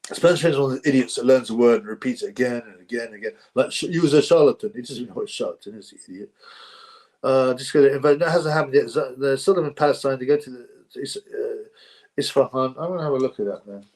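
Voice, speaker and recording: A man's voice: mid-range voice, fast, darkish tone. A man from England hosting a boxing livestream, reading viewer comments aloud in a rambling, blunt, mocking way with many restarts.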